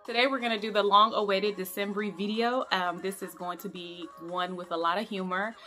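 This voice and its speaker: A woman's voice: mid-range voice, fairly even intonation, brisk, bright, forceful tone. A woman chats to her channel in a casual, humorous vlog. Her tone is playful and teasing, and she sometimes puts on a mock-sermon voice to scold for fun. Faint music plays under her voice. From Liberia. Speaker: vlogger.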